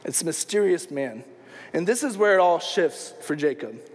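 High-voiced man preaching in a reverberant church. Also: expressive, moderate pace, slightly rough. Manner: casual storytelling with voiced quotes. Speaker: pastor. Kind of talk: sermon. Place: church sanctuary.

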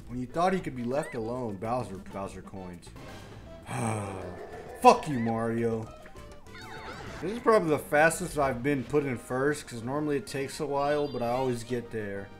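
A young man narrates his own gameplay in a crude, trash-talking way, his voice sitting at an ordinary middle pitch. He moves from low, muttered grumbles to sudden yells at the computer players. Faint music plays behind him. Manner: crude trash talk, swinging from mumbled grumbling to yelling. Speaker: gaming YouTuber. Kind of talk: live gameplay commentary.

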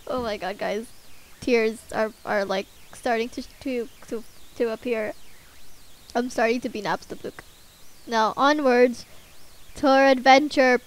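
A young woman hosting a gaming video, reacting emotionally and loudly to what happens in the game. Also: a little high. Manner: excitable, emotional, shouting at characters. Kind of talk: let's play commentary.

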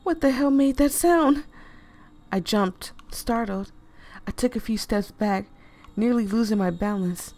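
A woman reading a story game aloud to viewers, animated and expressive, swearing freely and breaking off into laughing asides. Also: on the high side, measured pace. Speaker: gaming video creator.

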